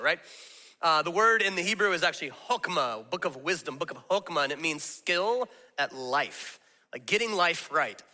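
A man's voice: fairly high pitch, sharp tone, long reverb tail. A man preaching a casual, storytelling sermon as pastor, talking conversationally and laughing at himself often. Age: adult with young children.

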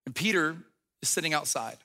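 A man's voice: on the high side, expressive, brisk, bright, forceful tone, big-room sound. A man preaching a sermon as a pastor, retelling a story in a conversational way, acting out the quotes and often restarting his sentences.

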